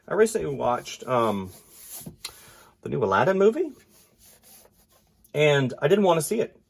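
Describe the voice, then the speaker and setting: A congested man with a stuffy nose casually commenting as an artist while he draws, thinking aloud and often trailing into quiet mumbles. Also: on the high side, sing-song, unhurried, gravelly, long pauses.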